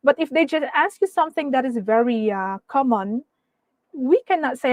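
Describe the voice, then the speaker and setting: A woman's voice: high-pitched, lively intonation, normal speed, no echo. A woman teaching exam speaking skills in an online webinar, patiently explaining and often checking in with "okay?" and "right?". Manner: tags sentences with "okay?" and "right?". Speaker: IELTS speaking trainer.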